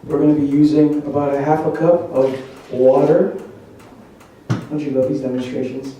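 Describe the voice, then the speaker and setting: Male cooking demonstrator, mellow and playful, quizzing the crowd, recorded from a distance in a very roomy hall. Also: a little high, level tone, normal speed, muffled recording, a little hiss or hum. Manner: chatty and joking, quizzing the audience. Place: large echoey church hall. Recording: very echoey hall, mic at a distance.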